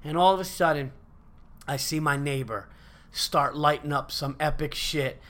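A man with a fairly high voice speaking at normal speed hosts a podcast. He tells a story casually and animatedly, rambling with fillers and plenty of profanity.

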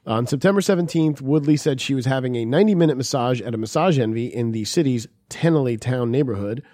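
A man with a mid-pitched voice, chatting casually and swearing often. His voice is dry and close to the mic. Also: fast, no room sound. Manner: profane, animated when mimicking people. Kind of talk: crude casual chat.

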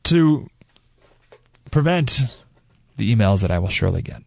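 A man's voice: lowish voice, big pitch swings, unhurried, vocal fry. Emphatic ranting male radio host. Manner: ranting, emphatic, with restarts and asides. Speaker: radio talk show host. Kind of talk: opinionated radio monologue. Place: radio studio. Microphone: studio microphone.

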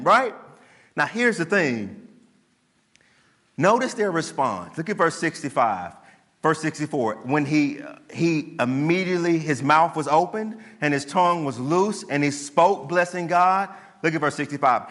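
A man preaching a sermon as pastor, animated, acting out the voices of people in his story. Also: high voice, normal speed. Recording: long hall reverb.

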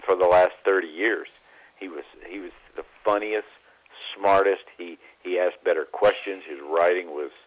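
A man guest on a sports radio talk show, telling animated baseball anecdotes and mimicking the people in them. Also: deep voice, normal speed. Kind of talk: phone-in radio interview, storytelling. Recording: phone line.

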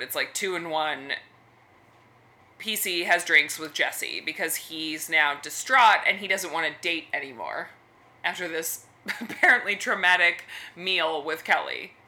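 A woman co-hosting a podcast, recapping a TV episode in chatty, lively storytelling. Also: fairly low pitch, moderate pace. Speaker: podcast co-host. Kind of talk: casual recap chat.

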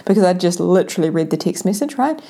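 Lively woman telling a funny story. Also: lowish voice, fast talker. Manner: animated, laughs often, self-mocking. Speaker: vlogger telling a personal story. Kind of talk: casual storytelling to camera.

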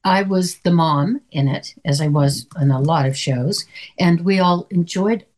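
An older woman from Canada, an actress guest chatting in an interview and telling lively stories with quoted voices. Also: fairly low pitch, a little slow. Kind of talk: conversational interview.

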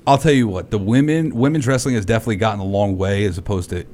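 A man's voice: lowish voice, darkish tone, slight background noise. A man co-hosting a casual chat, agreeing often and chiming in. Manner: agreeable, quick to chime in.

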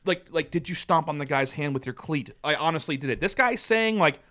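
A man's voice: on the high side, brisk. A man hosting a podcast in casual chat, swearing freely and laughing often. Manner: profane, animated, laughs often. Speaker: podcast host.

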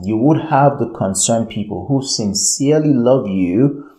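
A man's voice: mid-range voice, unhurried, warm tone. Emphatic preacher man, roomy echo. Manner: emphatic, repeats phrases, checks in with "all right". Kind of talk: sermon.

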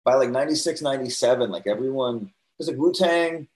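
A man telling stories in casual chat, slangy and excitable, heavy on fillers. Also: mid-range voice, brisk. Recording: echoey room.

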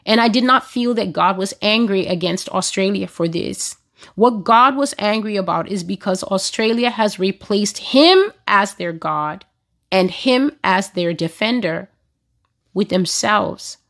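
A woman blogger recounting prophetic visions in an earnest, deliberate way, now and then stumbling and restarting a phrase. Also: mid-range voice, a bit bright. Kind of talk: spoken prophetic testimony.

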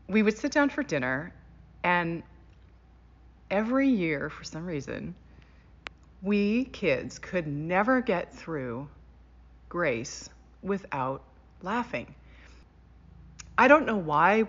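A middle-aged woman, telling a holiday story in a casual, animated way. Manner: animated, laughing, rising in pitch on quoted lines. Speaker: guest sharing a holiday memory. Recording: dull lo-fi sound.

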